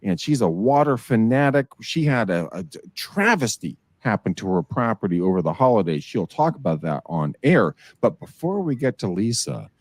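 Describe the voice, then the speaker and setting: A man's voice: lowish voice, very animated, normal speed, few pauses, no echo. A man hosting a show, introducing his guest and co-host in an effusive, hyping way. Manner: hyping and effusive, with upbeat hollers.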